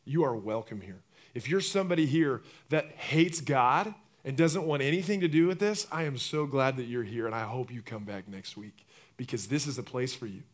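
At a normal speed and medium pitch, a male pastor narrates his sermon with lively, acted-out voices. He alternates between booming moments and soft, intimate appeals.

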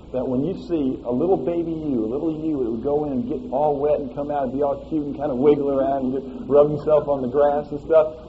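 A man preaching a sermon in a folksy, animated way, often asking "all right?" as he explains a scripture passage. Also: on the high side, narrow, tinny audio, slight background noise.

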